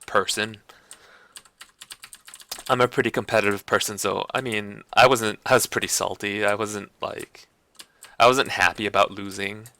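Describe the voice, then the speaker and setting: Low-ish guy on stream just rambling, lots of likes and you knows, bright forceful tone, dry sound. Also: dry recording. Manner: rambling, restarts sentences and repeats himself; heavy use of like and you know. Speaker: gaming streamer. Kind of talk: casual chat.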